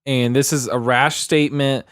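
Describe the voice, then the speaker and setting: A man co-hosting a casual podcast who keeps asking follow-up questions and adds his own opinions. His voice has a middle pitch, and the close mic gives a dry sound. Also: fairly even intonation, normal speed, fairly bright tone, clear, resonant tone, no room sound. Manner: engaged listener, asks questions and chimes in. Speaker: podcast co-host. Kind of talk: casual chat.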